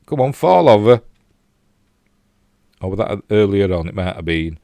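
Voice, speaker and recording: A man's voice: fairly low pitch, big pitch swings, normal speed, vocal fry, warm tone, no room sound. An older man with a Yorkshire accent casually reviewing a TV episode, rambling with fillers and self-mocking asides while he replays clips. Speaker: TV show reviewer.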